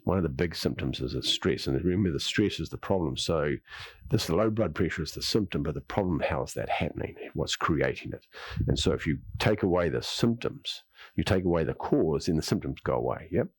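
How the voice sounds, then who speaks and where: A man's voice: a bass voice, animated, fairly quick, breathy edge, dry recording. A man teaching a qigong class, guiding breathing and moves, then rambling through his own theories and often saying "yep". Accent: Australian. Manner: rambling, repeats words, says "yep" often. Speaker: qigong instructor. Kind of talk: guided exercise class with talk.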